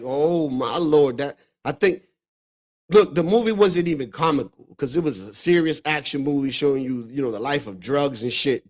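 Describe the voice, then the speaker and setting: A man from the Dominican Republic hosts a casual stream, reacting to clips. His voice sits a bit high for a man, and he talks loosely and excitably, swearing freely and breaking into laughter. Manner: profane, excitable, laughs often.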